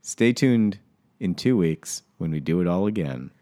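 A man's voice: low-pitched, animated, measured pace, dark tone. A man co-hosting a podcast, talking in a dry, matter-of-fact way during casual banter. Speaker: podcast co-host.

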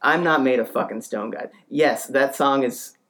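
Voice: mid-range voice, normal speed, fairly bright tone. A podcast co-host telling a comic story in a rambling, profane, self-deprecating way.

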